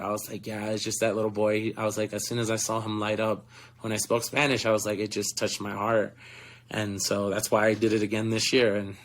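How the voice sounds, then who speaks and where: An earnest young man in his twenties talks through stories from touring as an actor, with a fairly low voice. He fills his sentences with casual fillers and laughs often between thoughts. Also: fairly bright tone, a little hiss or hum. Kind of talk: casual interview storytelling.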